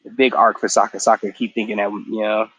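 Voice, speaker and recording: A man's voice: lowish voice, little pitch movement, a little fast, a bit bright, slightly rough, lo-fi sound. A young man casually recapping a cartoon episode in a slangy, profane way, acting out the characters' lines. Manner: slangy, profane, acts out quotes. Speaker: show recap host.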